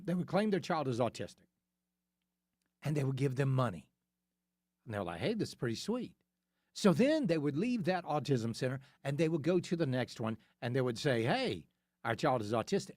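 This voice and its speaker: Male radio host, opinion monologue, lively up-and-down delivery, rhetorical questions, close dry studio mic. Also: mid-range voice, brisk, no echo. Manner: emphatic, poses rhetorical questions and answers them himself. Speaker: radio talk show host.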